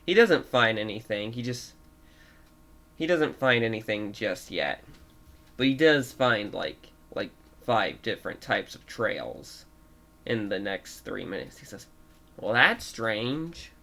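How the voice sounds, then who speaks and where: Slow, halting young male storyteller. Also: lowish voice, animated, vocal fry, a bit bright. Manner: halting, full of fillers and restarts, giggly. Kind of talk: unscripted story retelling.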